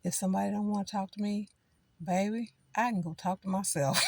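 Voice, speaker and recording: A woman's voice: medium pitch, steady tone, brisk, creaky, a little mellow. A middle-aged woman chatting casually to her viewers from a parked car, rambling from one thought to the next. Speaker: vlogger. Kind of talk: casual chat.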